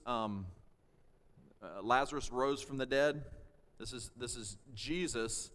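A man of middle pitch preaching a teaching sermon, explaining verses step by step and checking in with "okay?" and "all right?". He swells into loud shouts to drive a point home. His voice rings with a long reverb, as in a large hall. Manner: rises to shouts for emphasis. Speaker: pastor.

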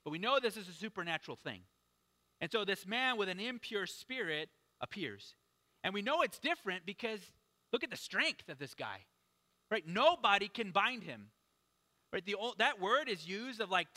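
A man's voice: high voice, bright, forceful tone, big-room sound. A man giving a casual, conversational sermon in a church, often asking "right?" as he reads and explains a passage. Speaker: preacher.

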